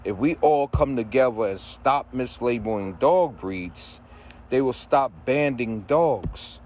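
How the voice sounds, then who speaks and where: A man's voice: mid-range voice, expressive, slow pace, darkish tone, slight background noise. A man, a dog breeder, ranting casually to camera in an emphatic way, repeating his points and using street slang.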